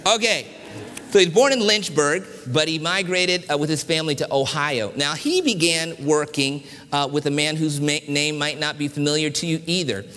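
A man's voice: on the high side, moderate pace, sharp tone, in a large hall. A middle-aged man from Washington, D.C., preaching a sermon in a church and telling personal stories with humor, varied pacing and emphasis. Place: church sanctuary.

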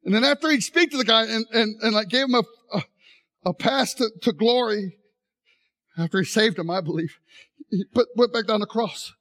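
Delivering a sermon with a live demonstration, a middle-aged man strains on his injured leg while he tells animated stories and performs different voices. His voice is high and his pace moderate.

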